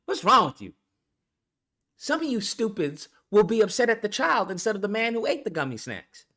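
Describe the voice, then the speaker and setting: A man's voice: sits high, sing-song, fairly quick. A man vlogger ranting bluntly and profanely in a commentary video, full of rhetorical questions.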